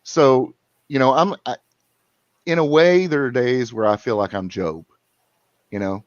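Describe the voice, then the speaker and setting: A man's voice: mid-range voice, a little slow, no echo. A man, calling in and telling a long story in casual chat, rambling with restarts and repeats. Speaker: caller. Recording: muffled lo-fi sound.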